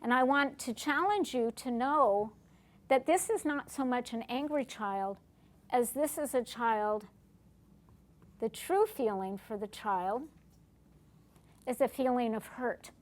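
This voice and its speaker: Speaking slowly and pausing often, a middle-aged woman lectures a class on family recovery in a voice on the high side with lively intonation. She puts questions to her listeners and plays out brief exchanges.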